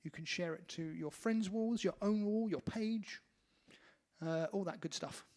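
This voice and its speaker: A man co-hosting a casual live-stream music show, playful and quick with teasing asides. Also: high voice, a little mellow. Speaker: band member and co-host.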